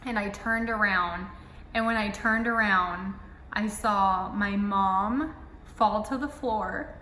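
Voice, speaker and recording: A young woman tells her own story straight to camera, casual and emotional, with a steady stream of "like" fillers. Her voice is bright and sharp. The room rings with echo and a long reverb tail. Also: medium pitch, takes it slowly, slight background noise. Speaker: vlogger. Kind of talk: personal storytelling.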